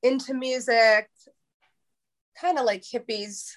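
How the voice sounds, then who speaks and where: A woman's voice: a little high, fairly even intonation, slow pace. A woman in her thirties from New York, speaking as an interview guest in a candid, emotional way, often restarting and repeating words as she searches for what to say. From New York, USA.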